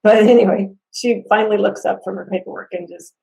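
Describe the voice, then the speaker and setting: A woman telling a complaint story in a casual spoken review, animated, laughing between lines and acting out what people said, sounding upset and near tears. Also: mid-range voice, fast, vocal fry, low-quality recording.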